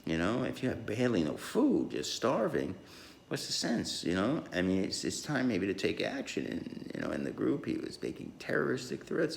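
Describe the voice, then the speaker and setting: Man, deep voice, rambling podcast monologue, fillers and restarts, faint background hiss. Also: wildly swooping pitch, moderate pace, vocal fry, reverberant.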